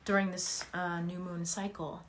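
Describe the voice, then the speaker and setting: A woman teaching a meditation lesson, speaking softly and haltingly with many fillers, then growing loud and playful as she repeats an affirmation. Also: fairly low pitch, flat delivery, a little hiss or hum. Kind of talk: guided meditation talk.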